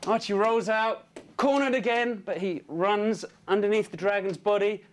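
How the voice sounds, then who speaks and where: Man narrating a storyboard pitch. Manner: brisk play-by-play with sound effects. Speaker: story artist pitching a scene.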